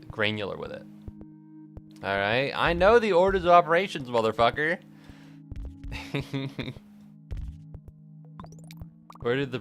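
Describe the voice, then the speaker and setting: A young man streaming live, rambling through jokes and self-deprecating asides with the odd curse. His voice sits at an ordinary middle pitch, and faint music plays underneath. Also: creaky, a bit bright. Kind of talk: casual live-stream chat while gaming.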